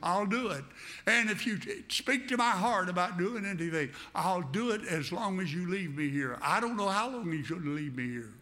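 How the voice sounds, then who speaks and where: A man preaches a sermon with a high, bright and forceful voice. He speaks fervently and directly to the congregation, driving points home by repeating his phrases. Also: lively intonation, normal speed.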